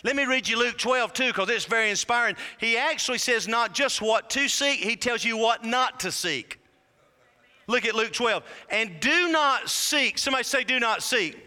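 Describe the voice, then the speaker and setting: A man preaching a sermon, fervent and humorous, rising to shouted whoops. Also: extremely high pitch, normal speed, clean tone. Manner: humorous asides to the congregation. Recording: long hall reverb.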